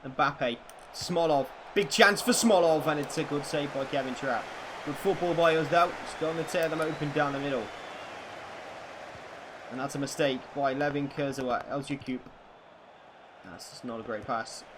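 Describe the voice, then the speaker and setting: Calling a football video game like a sports commentator, a male streamer chats with viewers, excitable, swearing, and shouting in bursts. His mid-range voice moves at a normal speed with frequent pauses, against background noise.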